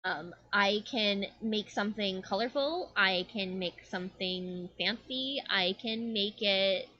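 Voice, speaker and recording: A woman's voice: mid-range voice, slow, dull audio. A woman voicing a ditzy, rambling young fairy enchantress with bubbly chatter and lots of fillers, in a tabletop game.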